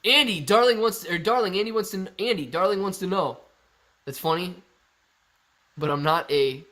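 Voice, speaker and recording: A man's voice: sits high, normal speed, long pauses, bright, forceful tone. A man hosting a casual live stream, chatting and joking as he reads viewer comments aloud.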